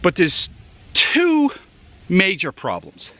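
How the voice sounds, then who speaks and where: A man's voice: high voice, wildly swooping pitch, slow, a bit bright. A man with a Massachusetts accent, chatting casually to viewers while out of breath on a woodland hike outdoors. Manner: rambling, chatty, addresses viewers directly. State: out of breath from hiking. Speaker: outdoor gear vlogger. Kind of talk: casual rambling tour while hiking. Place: outdoors in the woods.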